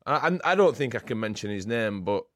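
A man's voice: lowish voice, animated, fairly quick, fairly bright tone, no room sound. A man co-hosting a casual podcast, speaking bluntly into a close studio mic. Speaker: podcast co-host.

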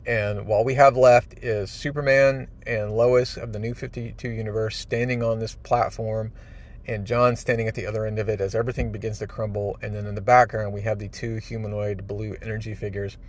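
A man's voice: on the low side, level tone, a little fast. A male podcast host casually recapping a comic book issue, retelling the panels with enthusiasm and a few fillers.

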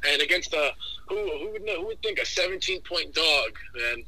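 A man calling into a sports podcast, his voice bright and forceful with a slightly high pitch. He talks in an opinionated, animated way and restarts his sentences often. The sound is dry and close. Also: normal speed, no room sound, rough recording. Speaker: caller, guest fan. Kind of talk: casual sports talk.

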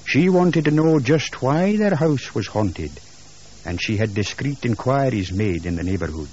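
A man's voice: mid-range voice, animated, unhurried, darkish tone, slight background noise. A man narrating a ghost story in a dramatic, scripted storytelling style, heard on a dull lo-fi 1980s radio recording.

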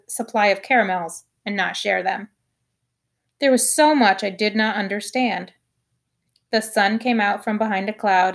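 Woman reading a children's novel aloud. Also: mid-range voice. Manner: expressive first-person storytelling. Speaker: audiobook reader.

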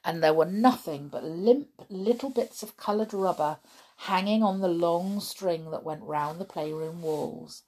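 A woman reading a children's story aloud in an expressive way. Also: fairly low pitch, unhurried, husky.

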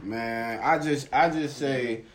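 A man in a casual group debate, hesitant and halting, often restarting his thoughts. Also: medium pitch, slight background noise. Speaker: panel member. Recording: roomy echo.

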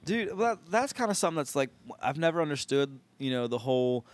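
A man's voice: a little high, very animated, a little fast, no echo. A man co-hosting a podcast in casual chat, joking crudely and rambling with lots of fillers. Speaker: podcast co-host.

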